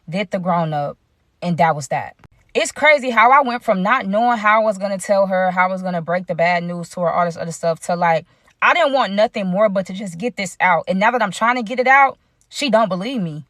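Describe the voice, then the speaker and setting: A woman's voice: mid-range voice, a bit bright, no echo, studio quality. A young woman telling a personal story in a casual, chatty way, talking straight to her viewers. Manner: chatty, addresses viewers directly.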